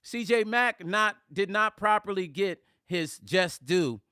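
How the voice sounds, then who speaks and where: A middle-aged man hosting a live music vlog, reading viewer comments aloud in casual chat, animated and emphatic and repeating words for emphasis. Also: high voice, takes it slowly, smooth, dry recording, studio quality. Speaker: music vlogger hosting a livestream.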